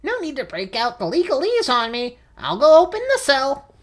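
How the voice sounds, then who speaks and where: A woman's voice: high-pitched, sing-song, normal speed. A woman voicing a curt, indignant male bird jailer while reading a game aloud. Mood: grumbling.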